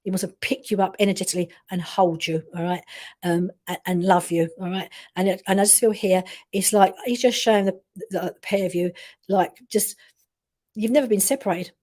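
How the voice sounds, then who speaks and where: A woman's voice: medium pitch, steady tone, brisk, darkish tone. A woman giving a medium reading in a rambling way, with many restarts, often checking in with the listener. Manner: rambling, full of restarts and repeated check-ins. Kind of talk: live-streamed spirit reading.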